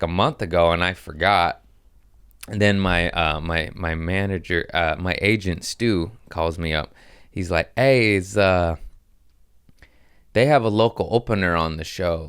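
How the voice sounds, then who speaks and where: A man's voice: low-pitched, a bit bright, clear, resonant tone, no echo, clean studio sound. A man, a stand-up comic hosting a podcast, telling stories in a casual, rambling way, laughing often and swearing freely. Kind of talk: casual storytelling chat.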